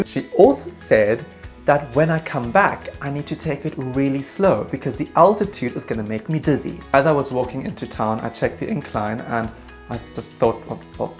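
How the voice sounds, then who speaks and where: Male vlogger, mid pitch, animated comic storyteller, self-deprecating, faint music underneath. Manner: animated, self-mocking, jumps into quick put-on voices. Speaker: travel storyteller. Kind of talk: comedic travel story vlog.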